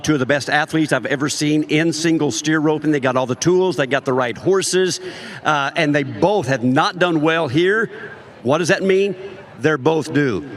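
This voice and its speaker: A man analyst in a casual panel chat, confident and making his case with numbers. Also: a little high. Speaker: rodeo analyst.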